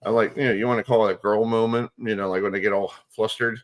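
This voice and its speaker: Speaking quickly in a lowish voice, this man hosts a sports radio show, rambling excitably through casual stories packed with fillers.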